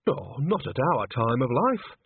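A man's voice: medium pitch, very animated, measured pace, noisy background. A man voicing a cheerful, bawdy old female witch who talks in a chirpy, cheeky way. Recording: dry, tinny phone-like sound.

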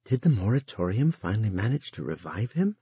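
A man's voice: fairly low pitch, very animated, fairly quick, dark tone, breathy edge, no echo, full character voice. A man reading the lines of a bewildered male businessman in an audiobook, close to his own voice. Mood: puzzled.

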